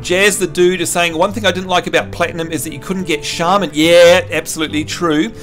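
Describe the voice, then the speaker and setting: A man's voice: high voice, fairly even intonation, fairly quick, soft background music. A man with a New Zealand accent hosting a game live stream, reading chat messages aloud in a chatty, joking way. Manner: chatty, reads chat aloud, jokey outbursts.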